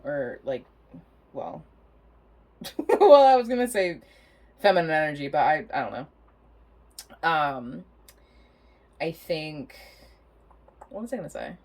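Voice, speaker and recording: Young woman tarot reader, low register, very lively pitch, rambling and giggly, casual swearing. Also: unhurried, pauses often. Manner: chatty, rambling, laughs often, swears casually.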